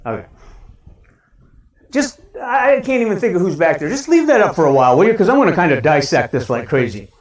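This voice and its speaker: A man with a Midwestern American accent preaching a lively sermon as pastor, asking his congregation questions. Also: high voice, a little fast. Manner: animated, shouts a cheerful greeting, talks to the congregation with questions. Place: church sanctuary. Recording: roomy church sound from a distance.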